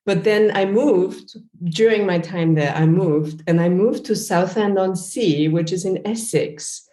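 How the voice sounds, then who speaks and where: A woman's voice: on the low side, unhurried, warm tone. Chatty woman in a roomy room. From Austria. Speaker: host, linguist. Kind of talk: casual podcast conversation. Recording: roomy echo.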